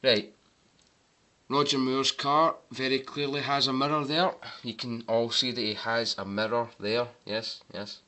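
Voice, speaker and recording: A man's voice: mid-range voice, flat delivery, measured pace, pushed and bright. A man giving casual, wry commentary on film mistakes over clips, with sarcastic asides. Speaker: movie mistake reviewer.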